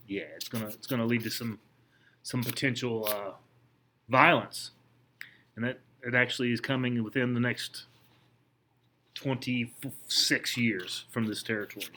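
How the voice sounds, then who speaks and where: In a history class, a man talks through the material conversationally, asking students questions as he points things out and frequently starting over mid-sentence. He has a mid-range, steady, bright, forceful voice at normal speed, with slight background noise.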